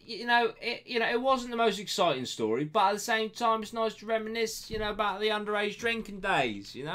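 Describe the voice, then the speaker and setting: A man's voice: sits high, bright, forceful tone. A young man hosting a web show, reading a listener's email aloud with sarcastic, swearing asides. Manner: banter-heavy, sarcastic asides to the sender.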